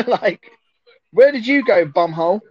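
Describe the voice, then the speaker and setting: A man's voice: high-pitched, lively intonation, slow pace, breathy edge, no room sound, muffled recording. A man hosting a casual, jokey watch-along chat and reading out viewer messages. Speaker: host.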